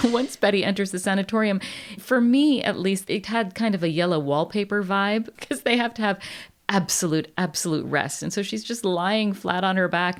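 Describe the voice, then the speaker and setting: A woman co-hosting a book podcast in casual chat, thoughtful and reflective. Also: on the low side. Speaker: podcast co-host.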